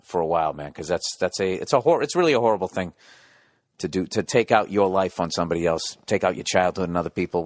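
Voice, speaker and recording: A middle-aged man hosting a podcast, giving advice in a profane, sarcastic, rambling monologue. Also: low voice. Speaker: podcast host.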